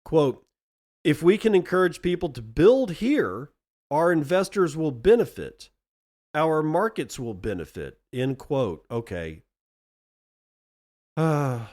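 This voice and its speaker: A man's voice: fairly high pitch, big pitch swings, takes it slowly, long pauses, a little mellow. A man hosting a podcast, reading news articles aloud and breaking in with sarcastic asides of his own. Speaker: podcast host.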